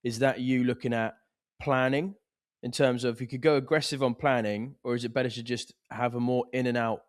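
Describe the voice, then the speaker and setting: A man's voice: mid-range voice, no room sound, clean studio sound. A man co-hosting a podcast, asking questions and trading swear-laden banter with his friends. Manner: lively, sweary, quick to laugh. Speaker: podcast co-host. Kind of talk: casual banter.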